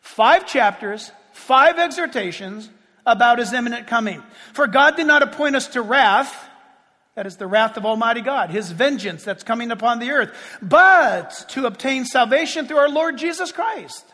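Man, pastor, fervent sermon, very high voice, long echoing reverb. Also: lively intonation. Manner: fervent preaching with sudden shouts and drawn-out phrases.

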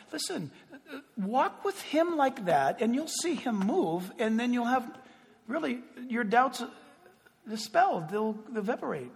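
A man preaching a sermon in an animated, playful way, acting out little dialogues and jokes. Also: very high voice, a little slow, vocal fry. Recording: long echo of a large hall.

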